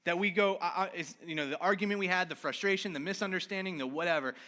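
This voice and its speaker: A male pastor giving an informal, conversational sermon, animated and candid about his own failings, often checking in with "right?". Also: high voice, quick pace.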